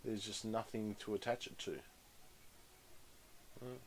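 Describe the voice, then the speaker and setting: A man's voice: lowish voice, steady tone, unhurried, slight background noise. Man muttering through a build. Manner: chatty, muttering while concentrating. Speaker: live-stream host building a model. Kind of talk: casual live build chat.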